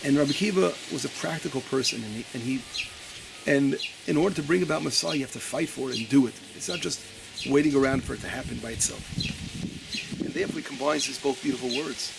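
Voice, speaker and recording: Gravelly rabbi teaching over background noise. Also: male voice, mid-range voice. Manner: searches his papers aloud, stumbles and repeats words; reads quotes slowly with emphasis. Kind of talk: Torah lesson.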